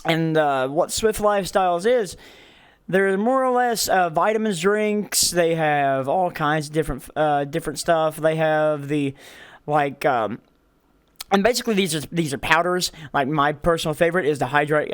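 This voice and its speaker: A man's voice: fairly high pitch, normal speed, smooth. A man hosting a casual podcast, rambling and laughing, with many restarts. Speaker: podcast host.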